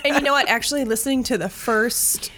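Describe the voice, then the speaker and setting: A woman co-hosting a casual horror movie podcast, making measured, thoughtful comments. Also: on the high side, a bit bright. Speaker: podcast co-host.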